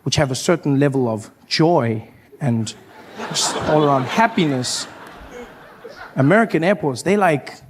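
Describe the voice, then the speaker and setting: Animated stand-up comedian, high voice. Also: male voice, unhurried, pauses often, background noise. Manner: animated storytelling, lots of acted-out voices.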